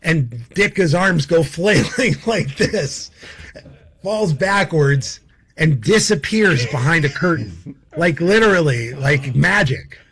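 A man's voice: a little high, expressive, slow pace, a bit bright, breathy edge. Laughing, rambling male storyteller. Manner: rambling, laughing as he tells stories, many fillers. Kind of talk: casual anecdotal storytelling.

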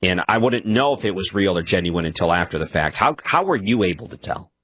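Male radio talk host, deep voice, dry close studio sound, conversational questioner. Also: animated, fairly quick, a bit bright, husky, dry recording. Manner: conversational, leading long questions. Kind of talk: late-night radio interview.

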